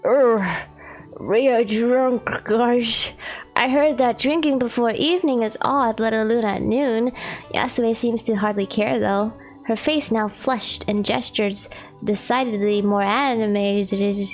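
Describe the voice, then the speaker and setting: Giggly woman streamer with a slightly high voice who reads game text aloud between chatty asides, with faint music underneath. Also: fairly even intonation, measured pace. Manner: giggly, chatty, many "like" fillers. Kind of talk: chatting and reading a visual novel aloud.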